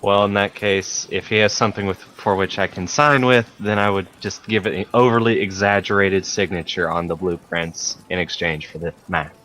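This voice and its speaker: A man's voice: deep voice, normal speed, few pauses, fairly bright tone. A man playing a tabletop game, describing his character's exaggerated actions in a playful, hammy way. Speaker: player.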